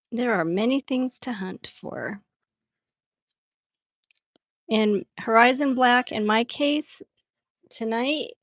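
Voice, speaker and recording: Slow-talking woman hosting a drawing livestream. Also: on the high side, no room sound, studio quality. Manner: chatty, laughs often, reads out viewer comments. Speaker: art livestream host. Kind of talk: casual livestream chat while drawing.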